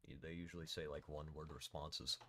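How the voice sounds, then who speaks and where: A man's voice: rumbling low, level tone, fast, bright, forceful tone, a little hiss or hum. A man streaming a game, chatting casually, joking, swearing and laughing. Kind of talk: casual gaming stream chat.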